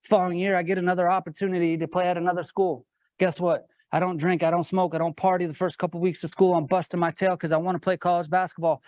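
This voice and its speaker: A man's voice: high-pitched, a little mellow, no echo. A man giving a motivational talk, telling his own story earnestly to a live audience and building it up with repeated rhetorical questions. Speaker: motivational speaker.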